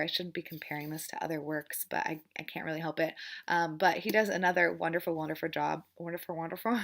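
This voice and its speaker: Young woman with a gravelly, bright voice. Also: lowish voice. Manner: rambling, many fillers and restarts, repeats "frustrating"; chatty, laughs often. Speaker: book vlogger. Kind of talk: casual monthly book wrap-up.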